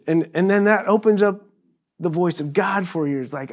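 A middle-aged man preaching a sermon to a congregation, animated and joking, acting out quotes in high voices. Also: moderate pace. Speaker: pastor.

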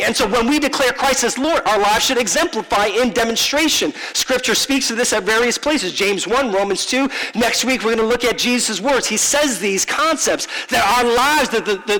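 A man preaching a sermon to a congregation, animated and acting out little scenes in different voices. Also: extremely high pitch, big-room sound, low-quality recording. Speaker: pastor. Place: large room with a congregation.

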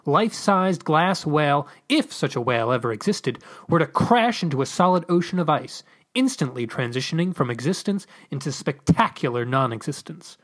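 A podcast host narrating a whimsical story aloud, with a lively, animated pitch. The reading is expressive and playful, rising and falling through long sentences.

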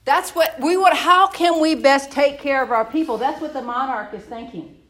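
A woman's voice: sits high, moderate pace, fairly bright tone, rough recording. A woman leading a Bible study class in a conversational way, spelling words out and restarting her sentences. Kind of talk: casual teaching talk.

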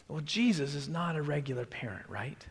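Bright high-voiced man preaching in a hall. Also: moderate pace. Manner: conversational, drops to a hushed near-whisper for emphasis. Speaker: pastor. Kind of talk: sermon.

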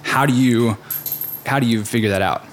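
A man's voice: mid-range voice, moderate pace, slight background noise. A man hosting a casual interview, asking friendly questions that restart and circle back. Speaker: podcast host interviewing.

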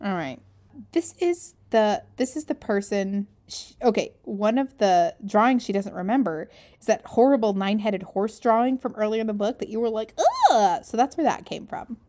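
A woman's voice: mid-range voice, normal speed. A woman co-hosting a casual book-discussion podcast, telling stories with giggles. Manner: giggly, animated storytelling. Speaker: podcast co-host.

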